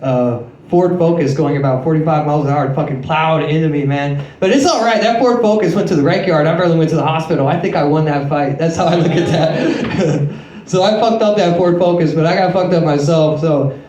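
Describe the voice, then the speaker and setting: Late-20s male stand-up comic, slightly high voice, crude self-deprecating delivery, roomy club sound. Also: a little fast, darkish tone. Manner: crude, self-mocking storytelling with frequent swearing. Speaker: stand-up comedian. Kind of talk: stand-up comedy set. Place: comedy club stage. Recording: echoey club room.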